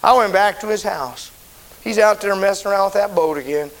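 A man's voice: sits high, a little fast, poor audio. A middle-aged man, a pastor, telling a story in a sermon in a folksy way in a church auditorium. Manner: folksy storytelling, swelling to shouted preaching. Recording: faint hiss.

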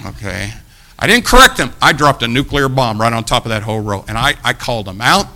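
A man preaching, telling a long story about himself in an animated, self-mocking way, acting out the quotes. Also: mid-range voice, fast talker. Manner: animated anecdote with acted quotes, laughing at himself. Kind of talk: storytelling sermon.

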